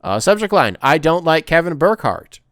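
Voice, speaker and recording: Laughing, riffing man, smooth and dry. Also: fairly high pitch, very animated, moderate pace, a bit bright, no echo. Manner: laughs often, riffs and swears while reading. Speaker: podcast host. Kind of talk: casual sports podcast, reading listener email.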